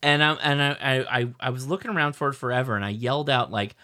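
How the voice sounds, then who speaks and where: A middle-aged man co-hosting a podcast, telling a rambling, animated story with lots of restarts. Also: mid-range voice, fast, few pauses. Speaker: podcast co-host. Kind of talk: casual chat.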